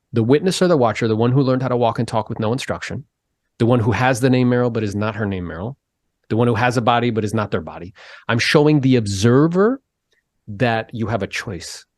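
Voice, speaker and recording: Animated male podcast host, dry sound. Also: brisk, no room sound. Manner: animated and emphatic, swinging pitch up for stress. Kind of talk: casual interview conversation.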